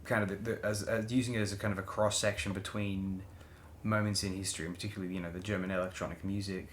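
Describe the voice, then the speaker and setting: A man co-hosting a casual music review chat, halting and searching for words with many fillers. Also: low voice, little pitch movement. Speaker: podcast co-host. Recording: roomy sound with faint ambient noise.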